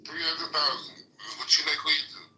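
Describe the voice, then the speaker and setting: Male guest, rather high and very bright-toned, fires off blunt questions. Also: normal speed, slight background noise, poor audio. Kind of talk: casual chat.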